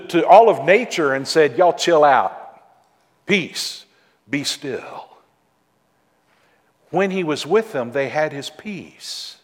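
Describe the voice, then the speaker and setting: A man preaching a sermon as pastor, speaking emphatically and repeating key phrases for stress. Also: on the high side. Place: church sanctuary. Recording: long hall reverb.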